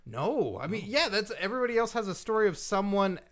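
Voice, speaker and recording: A man's voice: high voice, very animated, brisk, a bit bright. A man hosting a casual podcast chat, quizzing and teasing his co-hosts. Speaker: podcast host.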